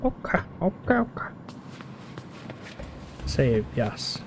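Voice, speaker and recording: A man's voice: mid-range voice, very animated, takes it slowly, heavy background noise. A man streaming a horror game live, chatting and swearing often with a jumpy, exasperated manner. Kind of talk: live gameplay commentary. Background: game music.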